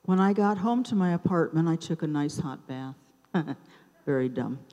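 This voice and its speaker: A woman in her seventies telling a personal story at an open mic night in a theater, taking her time with dramatic pauses between short phrases. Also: sits low, expressive, warm tone, highs cut off. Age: 70s. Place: theater stage. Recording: reverberant live theater sound.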